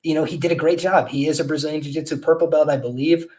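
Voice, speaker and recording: Fast and steady, with a slightly high pitch and a darkish tone, a male podcast host runs through betting analysis of fights ahead. He handicaps in a loose, conversational ramble, frequently restarting and filling pauses.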